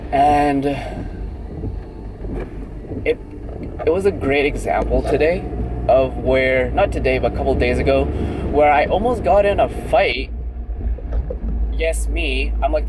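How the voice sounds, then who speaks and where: A man's voice: medium pitch, a little slow, pauses often, noisy background. A young man talking candidly in a casual vlog while driving, full of "like" and "right?". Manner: chatty and candid, many fillers like "like" and "right?". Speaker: vlogger.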